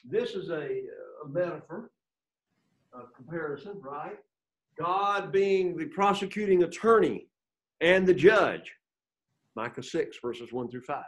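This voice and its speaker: A man leads a Bible lesson in a classroom, his voice sitting somewhat high for a man. He reads scripture aloud with rising emphasis and keeps checking in with the class through questions. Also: expressive, unhurried, highs cut off. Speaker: Bible teacher.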